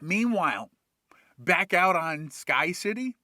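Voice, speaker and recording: Animated man profanely retelling a story. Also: high voice, takes it slowly, no echo, studio quality. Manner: animated, swearing, jumping into voices. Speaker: comedic storyteller. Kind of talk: profane comedic movie retelling.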